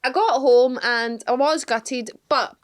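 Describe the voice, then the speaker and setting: Laughing young woman, high voice. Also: takes it slowly. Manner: laughs often while telling a story. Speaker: podcast co-host. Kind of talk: casual chat.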